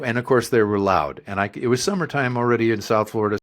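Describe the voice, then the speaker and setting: Low-voiced man telling a wry story. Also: fairly bright tone. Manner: wry, drawn-out anecdotal telling with comic asides. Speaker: podcast co-host. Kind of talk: casual storytelling.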